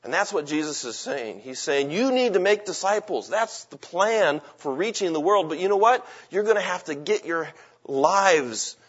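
A man delivers a sermon with a slightly higher-than-usual voice and a husky edge. He preaches emphatically and poses rhetorical questions. The recording sounds dull and lo-fi. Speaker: pastor.

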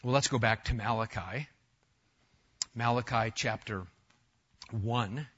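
A middle-aged man preaching a sermon as pastor, animated, swinging between loud emphasis and soft asides. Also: mid-range voice, slow pace, breathy edge, dull audio.

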